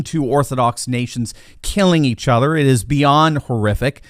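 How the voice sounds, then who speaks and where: A man's voice: mid-range voice, moderate pace, hardly any pauses, dry recording, clean studio sound. A middle-aged man giving an impassioned, sarcastic political commentary monologue.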